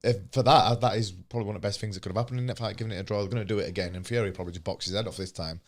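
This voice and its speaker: A man giving opinionated, quick-fire views in casual podcast chat and repeating his points. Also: fairly low pitch, fairly even intonation, a little mellow. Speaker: podcast guest. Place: podcast studio.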